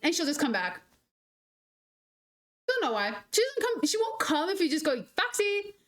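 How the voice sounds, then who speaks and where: Young woman streamer, slightly high-pitched, rambles through anecdotes in casual, animated chat. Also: moderate pace. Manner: rambling, animated storytelling full of "like". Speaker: gaming streamer. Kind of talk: casual chat while gaming.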